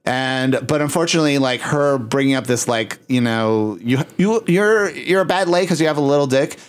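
A man with a mid-range voice co-hosts a podcast in casual chat. He rambles, fills gaps with ums and uhs, and often pauses to hunt for a word. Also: mid-range voice, clean tone. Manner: rambling, searches for words with many fillers. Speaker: podcast co-host.

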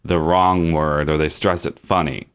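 A man's voice: very deep voice, level tone, a little slow, clear, resonant tone. A man co-hosting a casual talk show, explaining his points patiently. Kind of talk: casual banter.

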